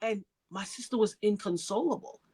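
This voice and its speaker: This interview guest is a middle-aged New York woman giving an emotional account from her own life, imitating the voices of the people she describes. Her mid-range voice has a dark, slightly rough tone, and she speaks at a normal pace.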